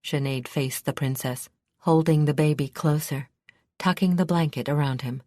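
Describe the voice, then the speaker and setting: A woman reading a fantasy audiobook in a measured, steady storytelling manner. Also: low voice, dry recording, clean studio sound. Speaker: audiobook narrator. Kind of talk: scripted narration.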